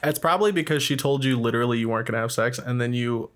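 A man's voice: medium pitch, very fast, a bit bright. A man chiming in with teasing, wisecracking comments during a casual chat.

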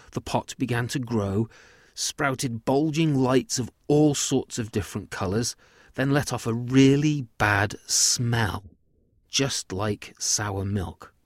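A man telling his own children's sci-fi story in a lively, gentle way. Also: mid-range voice, slow pace, no echo, studio quality.

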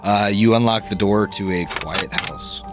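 A man's voice: lowish voice, measured pace, over music. A man narrating as game master for a tabletop role-playing podcast, in a laid-back way with frequent chuckles.

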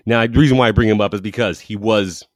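A man hosts a casual football show, his voice sitting a little low. He talks with eager enthusiasm, rambling and correcting himself as he goes. The sound is dry and close, with no room around it. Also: fast talker, dry recording. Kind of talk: casual sports commentary monologue.

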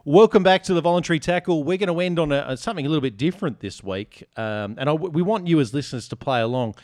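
A man's voice: fairly high pitch, animated, fast, a little mellow, no room sound. A man hosting a casual podcast, joking and teasing as he reads listener reviews. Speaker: podcast host. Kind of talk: casual chat.

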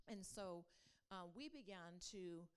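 A woman's voice: on the low side, animated, takes it slowly, clear, resonant tone. A woman from the church leadership telling a testimony to the congregation in a chatty, storytelling way. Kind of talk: sermon testimony.

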